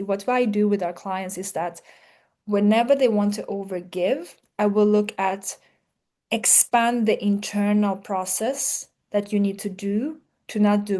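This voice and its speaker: A woman's voice: medium pitch, mellow. A woman business coach giving a live talk to a group, earnest, often rephrasing herself mid-sentence and acting out her clients' worried thoughts.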